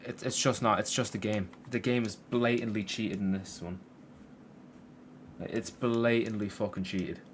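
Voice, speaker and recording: A man's voice: on the low side, fairly even intonation, unhurried, a little hiss or hum. A young man commentating his football game from his room, swearing and venting frustration at the players and the game. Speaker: gaming YouTuber. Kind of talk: gameplay commentary.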